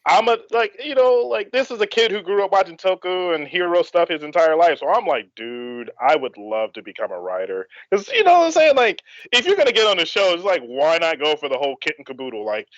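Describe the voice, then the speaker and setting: A man who is a guest actor in a live interview, telling his story in an excitable, animated way and acting out his reactions, with sudden leaps up and drops down in his voice. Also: sits high, fast talker, hardly any pauses, dry recording, highs cut off.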